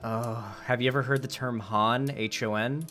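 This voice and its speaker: A man's voice: medium pitch, steady tone, moderate pace, pushed and bright, soft background music. A man hosting a casual debate with a viewer, talking in a rambling way with many fillers and restarts. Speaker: host.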